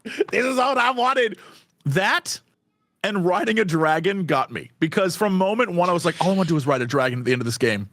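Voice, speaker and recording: A man guesting on a podcast, chatting in an animated, excitable way and laughing often. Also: a little high, quick pace, no room sound, clean studio sound. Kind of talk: casual podcast chat.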